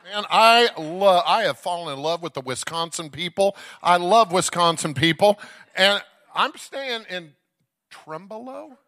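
A man from Dallas, Texas preaching an energetic Pentecostal sermon as a guest evangelist, calling out to the congregation and telling stories. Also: high voice, measured pace. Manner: exuberant, calls out to the crowd, storytelling. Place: church sanctuary.

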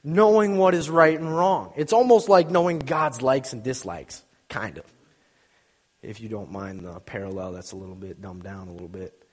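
In a long, reverberant hall, a young male preacher chats and jokes through an informal sermon, playing out little scenes as he tells stories. His voice is mid-range and a little mellow, moving at a moderate pace.

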